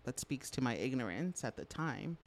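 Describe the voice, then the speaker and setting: A woman's voice: a bass voice, moderate pace, slight background noise. A middle-aged woman from Canada chatting as an interview guest, telling stories with lots of fillers and laughs. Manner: animated storyteller, frequent fillers, laughs often. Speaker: podcast guest. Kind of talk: casual interview chat.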